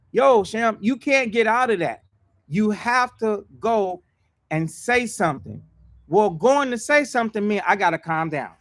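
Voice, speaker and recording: A man preaching a sermon emphatically, repeating himself, using street slang and swinging between loud outbursts and quiet asides. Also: high-pitched, dry recording.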